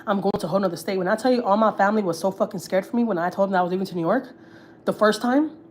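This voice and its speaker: A woman's voice: mid-range voice, racing, darkish tone, slight background noise. A woman, chatting casually and swearing freely as host of a gossip livestream, often repeating herself. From Houston, Texas.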